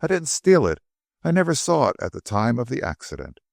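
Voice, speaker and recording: A nervous young swindler, cornered and quick to swear his innocence, voiced by a man. The voice sits well above the narrator's usual low register and stays dry and close. He stammers through his excuses in an audiobook reading. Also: huge pitch swings, vocal fry, dry recording, heavily acted. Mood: defensive. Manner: pleading, stammering denials.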